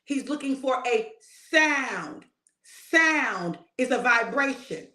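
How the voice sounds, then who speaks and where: Woman minister, informal sermon, emphatic and direct, fairly high voice, roomy echoey sound. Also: lively intonation, takes it slowly, pushed and bright. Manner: emphatic and conversational, addressing listeners directly. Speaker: prophetic minister.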